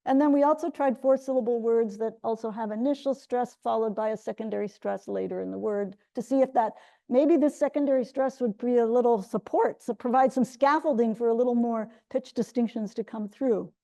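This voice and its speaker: A woman's voice: on the high side, a little fast, vocal fry, mellow. A middle-aged woman giving an academic linguistics talk, explaining step by step with frequent restarts. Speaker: linguistics lecturer.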